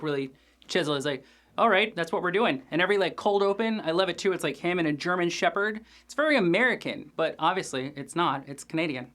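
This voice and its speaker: A man hosting a casual episode recap, talking in an energetic, chatty way with swearing and many filler sounds. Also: high-pitched. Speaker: show host reviewing an episode.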